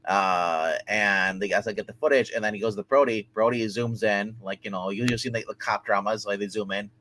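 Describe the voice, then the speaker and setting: Rambling low-voiced man recapping a show. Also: fairly bright tone, slight background noise. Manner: rambling, halting retelling full of fillers and restarts. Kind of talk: casual TV episode recap.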